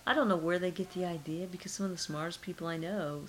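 A woman's voice: on the low side, steady tone, quick pace, slight background noise, low-quality recording. A middle-aged woman being interviewed, talking casually and musing with rhetorical questions.

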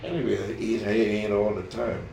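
Gravelly older man, rambling and folksy. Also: lowish voice, level tone, fairly quick, darkish tone. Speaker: interviewee. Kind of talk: casual dialect interview. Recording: echoey room, distant mic, noisy.

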